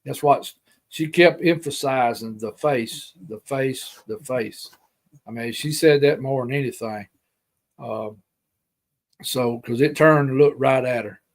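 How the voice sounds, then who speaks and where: A man's voice: medium pitch, unhurried. A man with an Alabama Southern accent, a guest telling a story in a casual, folksy, rambling way and repeating himself.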